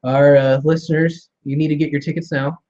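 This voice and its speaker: Here a fairly high, flat-sounding male voice moves briskly with a mellow quality, though the highs are cut off. He's the host of a live wrestling radio show, laughing a lot as he chats casually with a guest and wraps up segments in an easygoing manner.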